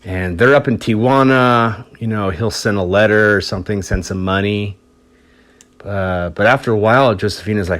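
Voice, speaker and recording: A man hosting a podcast, telling a story in a relaxed, rambling way, swearing freely. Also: fairly low pitch, moderate pace, slight background noise. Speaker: podcast host.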